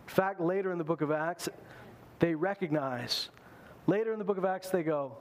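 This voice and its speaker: High-voiced animated male preacher. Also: moderate pace. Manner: animated, acts out quoted voices. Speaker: pastor. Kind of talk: sermon.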